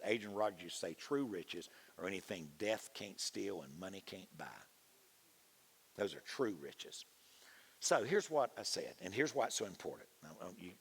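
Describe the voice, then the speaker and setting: Pastor guy, gravelly, voice jumps all over from low mutter up to loud preaching. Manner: folksy preaching, swings from low mutters to soaring shouts. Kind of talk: conference sermon.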